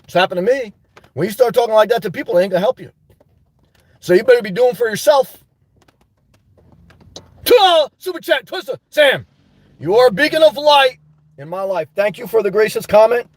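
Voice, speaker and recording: A man hosting a live stream, ranting emphatically about his life and shouting out his supporters, worked up and sweating. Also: high-pitched, fast talker, no echo. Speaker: livestream host.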